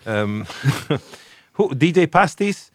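A man's voice: a little high, big pitch swings, takes it slowly, dry recording, studio quality. A man co-hosting a casual music chat, enthusiastic and rambling, with many restarts. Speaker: podcast co-host.

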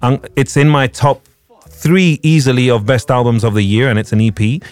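A man's voice: medium pitch, moderate pace, a little mellow. A man hosting a casual music chat, talking in a rambling way with many restarts and laughs.

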